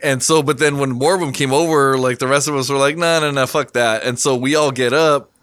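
A man's voice: mid-range voice, fairly quick, clear, resonant tone, no room sound, clean studio sound. A man casually telling a long story to a co-host, swearing a lot and laughing as he goes. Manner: profane, laughing, animated retelling.

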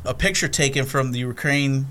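A man co-hosting a casual podcast chat about old comedy films, retelling scenes in an animated way. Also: medium pitch, moderate pace. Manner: animated storyteller, acts out scenes. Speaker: podcast co-host.

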